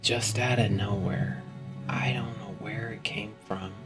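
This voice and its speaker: A man giving an emotional personal testimony, halting and hesitant, often sinking to a whisper. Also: on the low side, steady tone, over music.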